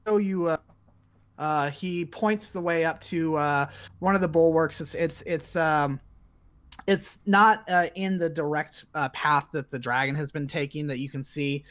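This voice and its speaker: Brief: male game master, slightly high voice, halting narration packed with fillers. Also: fairly even intonation, a bit bright. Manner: hesitant, constant filler sounds. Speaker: dungeon master.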